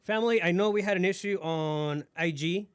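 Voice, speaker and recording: A man with a somewhat higher voice hosts a motivational podcast. His talk is casual and upbeat, and the sound is close and dry with no room echo. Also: moderate pace, smooth. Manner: upbeat, motivational sign-offs. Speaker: podcast host.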